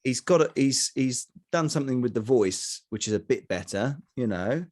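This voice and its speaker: A middle-aged man co-hosting a casual review chat, talking in halting bursts with many fillers and restarts. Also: medium pitch, lively intonation, a little mellow. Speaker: podcast co-host.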